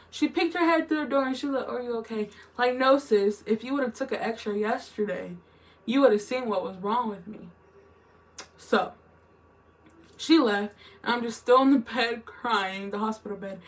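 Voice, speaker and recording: Young woman rambling through a storytime. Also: on the high side. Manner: rambling, emotional retelling with lots of "like" and "literally". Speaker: vlogger. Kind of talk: storytime vlog.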